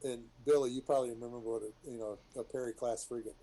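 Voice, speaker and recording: A middle-aged man, a retired military pilot, telling rambling war stories to a group in a casual, animated way. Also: medium pitch, fast talker, rough recording. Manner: rambling, animated, many restarts and asides.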